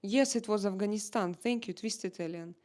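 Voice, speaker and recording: A woman with a Russian accent chatting casually on a live stream and answering her chat, halting now and then as she searches for English words and slips into French. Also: mid-range voice, mellow.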